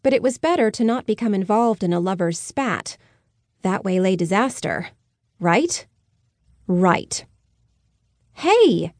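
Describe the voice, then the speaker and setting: A woman's voice: medium pitch, moderate pace, a little mellow, dry recording, clean studio sound. A woman narrating a story in the first person, with wry, sardonic inner commentary. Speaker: audiobook narrator.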